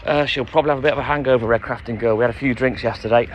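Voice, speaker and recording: A man's voice: mid-range voice, steady tone, very fast, muffled recording, slight background noise. Chatty milkman reading out viewer comments. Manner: chatty and friendly, gives viewers shout-outs by name. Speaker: milkman live-streaming his round. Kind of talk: casual live-stream chat reading out comments. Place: out on a milk round, in and out of a van.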